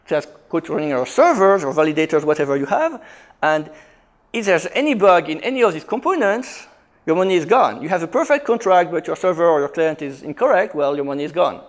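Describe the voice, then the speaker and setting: A man giving a conference talk on programming, emphatic, with quick restarts and self-corrections. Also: fairly high pitch, sing-song. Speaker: conference speaker. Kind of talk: technical talk.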